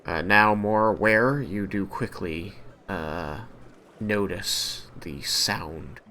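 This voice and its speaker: A man's voice: deep voice, takes it slowly, slight background noise. A man narrating as game master of a tabletop game, hesitant with many fillers. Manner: hesitant, filler-heavy, lively storytelling.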